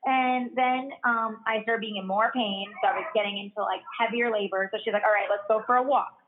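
A woman's voice: medium pitch, steady tone, fairly quick, background noise. A woman telling a long personal story in a casual chat, peppering her speech with "like" and laughing often. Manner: chatty, heavy use of "like" fillers, laughs often. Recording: tinny phone-like sound.

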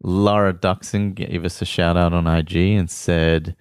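Low-voiced man hosting a podcast. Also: a little slow, clear, resonant tone, no room sound, studio quality. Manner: relaxed, rambling with many fillers; reads out listener shout-outs. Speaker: podcast host. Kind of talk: casual podcast chat.

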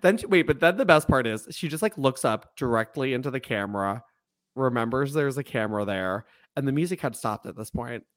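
A man's voice: mid-range voice, expressive, fairly quick. A man co-hosting a podcast, recapping episodes in casual chat with lots of laughter and fillers. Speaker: podcast co-host.

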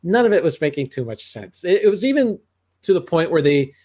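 Speaking fairly quickly with a sing-song lilt, this middle-aged man has a higher, darkish-toned voice. He's a podcast co-host chatting casually about movies, wandering through restarts and tangents.

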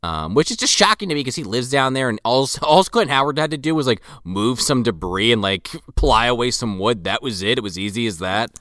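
A man's voice: mid-range voice, expressive, a little fast, few pauses, a bit bright, no echo, studio quality. A man co-hosting a casual podcast, joking and swearing while recapping a movie. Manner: joking, profane, quips in character. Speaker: podcast co-host.

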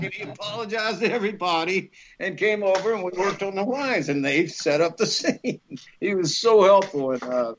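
Animated middle-aged man telling stories, lo-fi. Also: high voice, moderate pace. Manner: animated anecdotes, acting out quoted voices, laughing often. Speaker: actor guest. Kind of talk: casual storytelling interview. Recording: dull lo-fi podcast audio.

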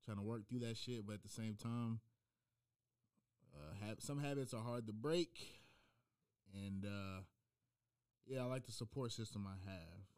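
A young man on a podcast, speaking reflectively with many pauses and fillers. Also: fairly low pitch, darkish tone, clean tone. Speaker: podcast co-host. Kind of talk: casual chat.

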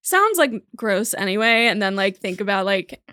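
A woman's voice: mid-range voice, very animated, moderate pace, sharp tone, dry recording. Chatty woman podcast host, dry sound. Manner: chatty, many fillers and "like"s. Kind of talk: casual chat.

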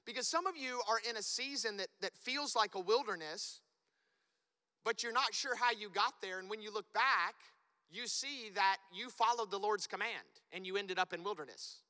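Male pastor, high and very bright voice, preaching in a hall with a long reverb. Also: moderate pace, smooth. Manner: animated, building to loud emphatic peaks. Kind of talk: sermon.

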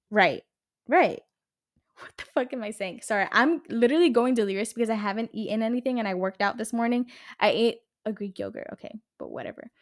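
A young woman in her twenties, talking alone into a home podcast mic. She rambles in a loose, chatty way, swears freely and fills her talk with "like" and "literally." Her voice sits at a middling pitch for a woman. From Los Angeles area. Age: 20s. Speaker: podcast host. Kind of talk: casual solo podcast chat.

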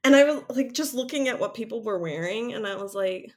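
A woman's voice: a little high, fairly quick, few pauses. A woman co-hosting a podcast, casually recapping a TV episode with lots of "like" fillers and laughs. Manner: animated storytelling, many "like" fillers, frequent laughs. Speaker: podcast co-host.

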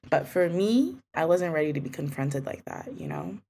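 A woman's voice: low voice, normal speed, few pauses, darkish tone, slight background noise. A young woman co-hosting a podcast in casual chat, her voice congested from a cold, joking and slangy. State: congested, sick voice. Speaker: podcast co-host.

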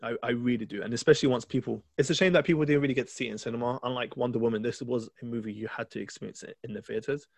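Gravelly man chatting about films. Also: medium pitch, steady tone, very fast, hardly any pauses, darkish tone, no room sound. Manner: enthusiastic, rambling with restarts. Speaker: podcast co-host. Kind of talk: casual podcast film review.

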